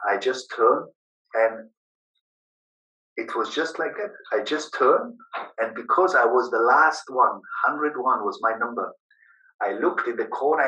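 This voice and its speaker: Guy telling his story, emotional, broken english, bright voice, echoey room, sounds a bit far from the mic. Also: mid-range voice. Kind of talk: personal storytelling.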